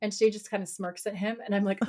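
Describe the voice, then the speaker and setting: Animated woman recapping a TV episode. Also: medium pitch, quick pace. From raised partly in America. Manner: animated, playful, retells scenes with quoted lines. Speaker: podcast co-host. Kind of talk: casual episode recap chat.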